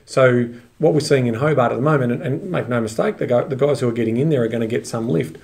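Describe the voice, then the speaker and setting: A man's voice: medium pitch, quick pace, gravelly, darkish tone. An Australian man co-hosting a podcast, chatting casually and restarting his sentences as he rambles. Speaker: podcast co-host. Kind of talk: casual chat.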